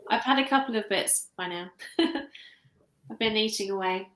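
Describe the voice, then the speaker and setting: A woman judges cheese on a video call, relaxed and agreeable as she describes flavours in detail. Her voice sits at a middle pitch. The room around her rings with a noticeable echo. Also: measured pace, a little hiss or hum. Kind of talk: casual judging chat over a video call.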